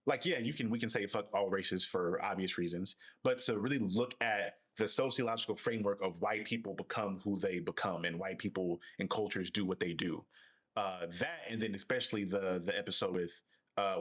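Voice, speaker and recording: Low-voiced man thinking aloud. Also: fairly even intonation, fairly quick, fairly bright tone, slightly rough. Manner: reflective, thinks aloud with restarts. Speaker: podcast co-host. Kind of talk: casual discussion.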